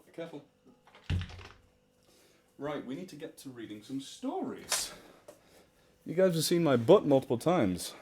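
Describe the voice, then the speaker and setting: A British man whose accent sits between British and American chats casually on a livestream at home, close to a desktop mic. He pokes fun at himself, laughs easily and reacts to viewer comments at a middling pitch. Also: warm tone, slight background noise. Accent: mixed British-American. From United Kingdom. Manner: chatty and self-deprecating, laughs often, reads chat aloud. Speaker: charity livestream host and story narrator. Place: home room with fish tank near the mic. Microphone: desktop microphone.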